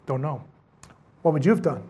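A man's voice: expressive, moderate pace, warm tone, husky. A man preaching a sermon who tells the story dramatically, acting out scenes and rising to emphatic peaks. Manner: rises to emphatic high-pitched peaks.

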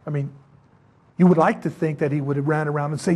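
A man's voice: steady tone, fast talker, pauses often, darkish tone, husky. A man preaching a sermon who tells the story dramatically, acting out scenes and rising to emphatic peaks. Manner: rises to emphatic high-pitched peaks.

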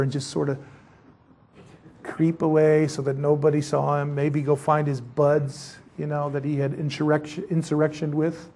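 A man's voice: fairly even intonation, normal speed, darkish tone. A man preaching a sermon who tells the story dramatically, acting out scenes and rising to emphatic peaks. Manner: rises to emphatic high-pitched peaks.

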